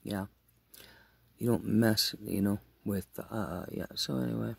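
A man with a gravelly, husky voice talks straight to camera in a rambling vlog monologue. He speaks aloud to his late father, and his loudness keeps swinging from murmurs to near-shouts. The sound is close and dry. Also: fairly low pitch, fairly even intonation, a little slow, no echo.

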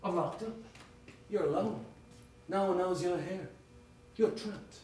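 A man's voice: high-pitched, a little slow, a little mellow. A man acting a menacing, insinuating stranger in a live stage play, performed on a small theater stage. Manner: taunting and insinuating. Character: menacing insinuating male stranger, a lover's act. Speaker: stage actor. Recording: echoey stage from far off.

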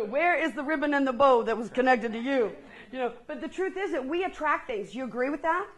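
A woman in her fifties giving an energetic motivational presentation, asking the audience questions. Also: sits high, brisk, rough recording. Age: 50s. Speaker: keynote speaker. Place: conference room with a live audience.

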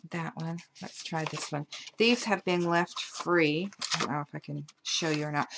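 Woman, lowish voice, chatty crafter demoing her work, faint hiss behind. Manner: chatty, gushing over materials. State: hiccups. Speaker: paper craft designer. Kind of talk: craft show-and-tell tutorial.

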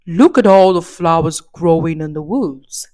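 A woman voicing the Big Bad Wolf, sly and slow. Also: lowish voice, lively intonation, dark tone, voice pushed down. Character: crafty hungry male wolf.

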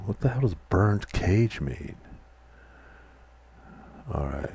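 A man's fairly low voice, with lively intonation and an unhurried pace, carries this casual let's-play of a text adventure game. He reads the game text, chats between commands, and quietly mutters his typed inputs over a little hiss or hum.

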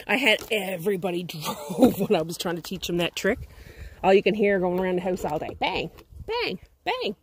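A woman livestreaming from her rural garden on a phone, chatting casually and often yelling for her dog. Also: fairly low pitch, brisk, slight background noise. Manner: keeps calling loudly for her dog. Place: outdoors in a rural yard and garden.

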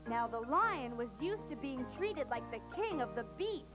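A woman hosting a children's storybook show, talking in a bubbly, excited, sing-song way. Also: high-pitched, normal speed, music in the background.

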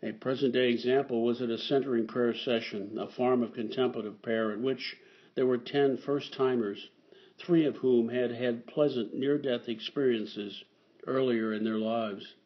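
A man preaching a homily in a slow, measured way, sometimes repeating a word to get it right. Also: medium pitch, fairly even intonation, highs cut off. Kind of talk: sermon.

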